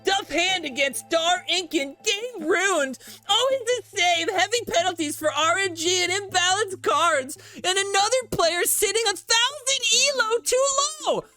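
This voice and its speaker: A man's voice: lively intonation, unhurried, sharp tone, faint music behind, full character voice. A man putting on an annoying, whiny voice to play a complaining male gamer. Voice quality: annoying, nasal whine. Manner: high strained complaining read.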